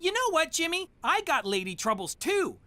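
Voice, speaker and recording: A woman's voice: very high voice, very animated, moderate pace, background noise. An actress voicing a whiny, henpecked boy in a cartoon, aggrieved. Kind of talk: cartoon voice acting.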